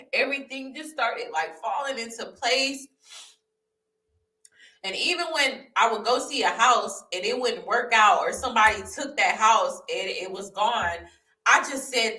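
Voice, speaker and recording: A young woman pours out her personal testimony to camera, talking straight to viewers and doubling back on phrases for emphasis. Her voice is bright and a touch high, and it rings around a bare, echoey room, caught from some distance by the camera. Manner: fervent, addresses viewers as y'all, repeats phrases. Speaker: vlogger sharing her testimony.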